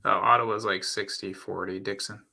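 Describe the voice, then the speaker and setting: A man's voice: on the low side, steady tone, normal speed, gravelly, bright, forceful tone, slightly rough. A man from Michigan on an election livestream, reading county results in a matter-of-fact way. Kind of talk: casual election-night chat.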